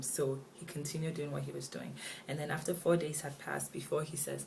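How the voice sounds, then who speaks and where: Low, gravelly woman in a casual devotional talk. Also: flat delivery, brisk, darkish tone. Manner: chatty and slangy, retells scripture in everyday words. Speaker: Bible devotional speaker. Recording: distant mic with faint background noise.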